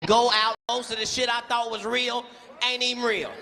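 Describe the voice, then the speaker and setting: A man doing a loud, animated, profane stand-up routine, breaking into shouted impressions of other people. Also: very high voice, normal speed, creaky, slight background noise. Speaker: stand-up comedian. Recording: live show with crowd and music.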